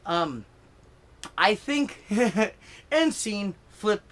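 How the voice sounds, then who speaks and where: Fired-up swearing comedian ranting. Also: male voice, sits high, animated, moderate pace, fairly bright tone. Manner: fired-up, swearing, rambling with many fillers. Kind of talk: profane comedic political rant to camera. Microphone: filming himself on camera.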